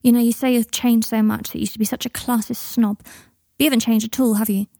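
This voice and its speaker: A woman voicing a blunt, angry adult woman with a sharp, sweary manner, in a storybook reading. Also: a little high, level tone, brisk, creaky, no echo, studio quality. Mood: furious.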